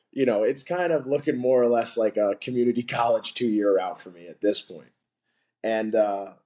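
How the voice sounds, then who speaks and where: A man's voice: lowish voice, darkish tone. A young man telling a story as a podcast guest, rambling and filling his talk with "like". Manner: rambling, heavy on filler "like". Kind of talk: casual storytelling.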